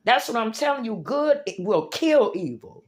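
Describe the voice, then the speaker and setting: A woman's voice: fairly high pitch, very animated, normal speed. A woman livestreaming an impassioned religious rant, preachy and emphatic, calling her viewers y'all and baby.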